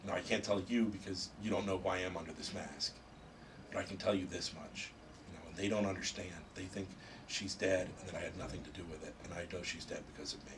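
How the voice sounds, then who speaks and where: A man voicing a grieving young male superhero who confides in a quiet, low, subdued way, recorded from a distant mic with faint noise. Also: fairly even intonation, quick pace, close to an everyday voice.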